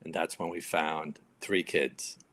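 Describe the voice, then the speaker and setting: A man in his fifties from New York, a retired firefighter and podcast guest, telling stories in a lively way and acting out other people's lines. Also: extremely low pitch, slow pace. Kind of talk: casual storytelling interview.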